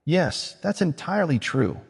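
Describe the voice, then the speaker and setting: A man voicing a calm, scheming male mage who reasons in a measured way. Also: fairly high pitch, gravelly, slightly rough, long reverb tail, pitched above the performer's own voice, full character voice.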